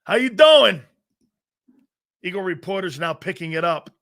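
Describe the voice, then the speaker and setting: A middle-aged man hosting a live sports talk show, reading chat messages aloud, laughing often and arguing back loudly. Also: high voice, moderate pace, slight background noise. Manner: loud, excitable, laughs often, argues with chat.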